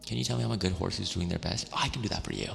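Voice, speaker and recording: A man streaming ASMR, talking gently and affectionately, laughing often and slipping between a whisper and a soft voice. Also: sits low, very fast, vocal fry, big-room sound, faint music behind.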